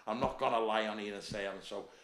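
A middle-aged man with a broad Scouse accent rattles through his stories, swearing freely and laughing as he goes. His voice has a gravelly edge to it. The sound carries the echo of a roomy space. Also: lowish voice, steady tone, rapid-fire, a bit bright, a little hiss or hum. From Liverpool, England. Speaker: bodybuilder and gym owner, guest. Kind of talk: casual storytelling chat.

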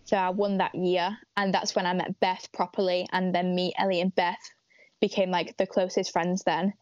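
A woman's voice: on the low side, level tone, normal speed, a little mellow, no echo. Giggly teen girl on a call. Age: late teens. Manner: chatty, giggly, fillers like "like" and "literally". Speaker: pageant titleholder guest. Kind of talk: casual interview chat. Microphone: video call. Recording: dry, dull lo-fi video call.

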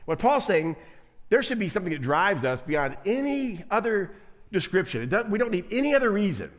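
A man preaching a sermon as pastor, animated, acting out quoted voices and often repeating himself. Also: high voice, brisk.

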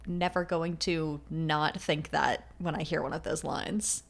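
A woman co-hosting a podcast in a casual book discussion, playful and quick to laugh. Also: sits low, fairly even intonation, creaky. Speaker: podcast co-host.

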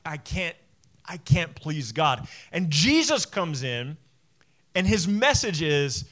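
A man preaching to his church in a slightly raised voice. He talks conversationally, acting out what people say and tripping over his restarts. His pitch swings up and down as the sermon goes on. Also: takes it slowly. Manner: conversational preaching with animated acted-out quotes and restarts. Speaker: pastor.

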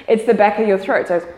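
A woman teaching a live yoga class, guiding students and checking in with frequent "okay"s. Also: a little high. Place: yoga studio. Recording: echoey studio with long reverb.

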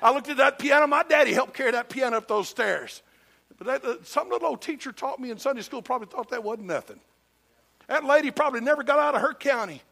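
A man's voice: very high-pitched, lively intonation, quick pace, gravelly, pushed and bright. An older man from Georgia with a Southern accent, preaching a sermon in a folksy, emphatic storytelling manner with humor. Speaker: pastor.

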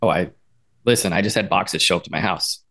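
A man co-hosts a podcast, chatting casually and telling rambling stories, and he reads labels aloud. His voice is low and fairly bright, and he talks briskly.

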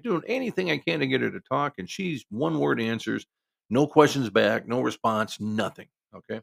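A man's voice: mid-range voice, expressive, normal speed, vocal fry. A man telling a story in a casual, rambling way, full of restarts and asides.

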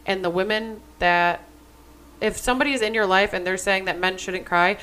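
Smooth-voiced woman, blunt podcast co-host. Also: medium pitch, steady tone, normal speed, a bit bright, poor audio. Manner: blunt and emphatic, swears freely. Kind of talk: casual chat.

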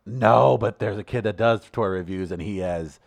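A man's voice: on the low side, moderate pace, vocal fry, dry recording. A man co-hosting a casual studio talk show, rambling with lots of laughs and restarts. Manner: rambling, animated, laughs often. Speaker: podcast co-host. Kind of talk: casual chat.

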